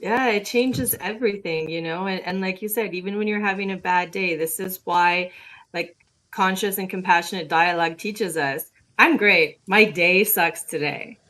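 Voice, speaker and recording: Earnest woman with a lowish voice. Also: normal speed, a bit bright. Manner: earnest, spiritual. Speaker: guest. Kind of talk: live-stream conversation.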